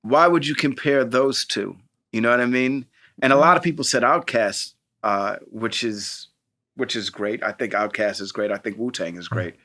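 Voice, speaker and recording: A man co-hosting a podcast in casual chat, playful and quick to laugh, often quoting himself. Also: medium pitch, sharp tone. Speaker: podcast co-host.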